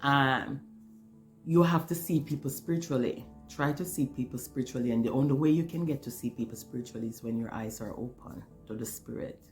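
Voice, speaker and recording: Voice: mid-range voice, a little fast, faint music behind. An earnest, emotional speaker telling a personal spiritual testimony, often repeating words while searching for the next one. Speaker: spiritual storyteller.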